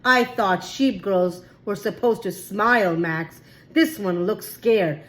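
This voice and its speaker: A woman's voice: mid-range voice, takes it slowly, close to an everyday voice, low-quality recording. A woman voicing a smug sneak thief. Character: male art thief, boastful, sneaky.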